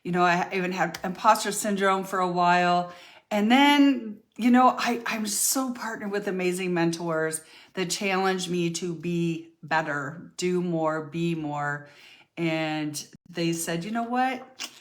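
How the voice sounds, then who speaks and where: A woman's voice: fairly low pitch, unhurried. An older woman telling her own life story to her followers in a chatty, candid way, full of fillers and restarts. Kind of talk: casual storytelling to camera.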